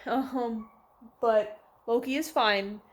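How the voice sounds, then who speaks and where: A woman's voice: on the high side, fairly even intonation, takes it slowly. A young woman chatting casually to camera at home, talking to her cats between thoughts. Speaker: vlogger. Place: at home, indoors.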